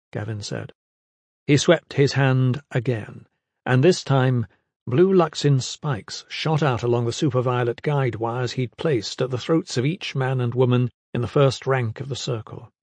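A man giving a measured, dramatic scripted narration of a fantasy audiobook, mid pitch, recorded dry and close. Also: a little mellow, no echo.

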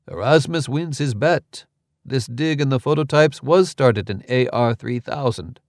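Casting: narrator doing a cool, matter-of-fact explainer, dry close read, even delivery. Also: male voice, medium pitch, unhurried, dry recording, voice pushed up, natural voice. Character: calm, precise, lecturing man.

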